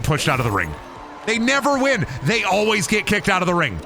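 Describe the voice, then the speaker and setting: A jokey, rambling male streamer riffs on wrestling while he plays, his voice lively and bright. He swings up into loud bits and drops back down. Faint game music runs behind him. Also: high-pitched, brisk. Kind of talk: casual let's-play commentary.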